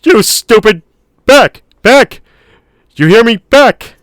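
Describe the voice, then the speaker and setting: A man reading an audiobook, voicing a panicked grown man who yells at the top of his lungs at a dinosaur. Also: very high-pitched, expressive, takes it slowly, no room sound, voice pushed up, heavily acted. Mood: frantic shouting.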